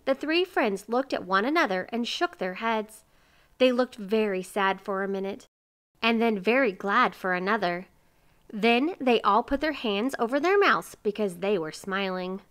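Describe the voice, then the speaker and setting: A woman reading a children's picture book aloud with gentle, expressive storytelling. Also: medium pitch.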